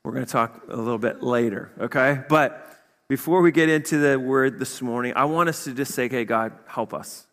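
A man's voice: medium pitch, brisk. Conversational man preaching in a reverberant hall. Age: 50s. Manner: energetic, conversational preaching with frequent "okay?" check-ins. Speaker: pastor. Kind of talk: sermon. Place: church sanctuary.

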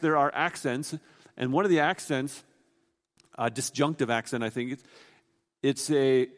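Guy preaching a sermon, earnest and explaining stuff, restarts a lot, big echoey hall. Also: mid-range voice.

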